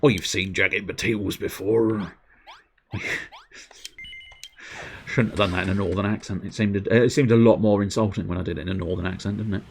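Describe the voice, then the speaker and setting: A man's voice: on the low side, steady tone, brisk, creaky, pauses often, a little mellow, slight background noise. A man giving casual, rambling gameplay commentary on a stream, self-mocking and sweary.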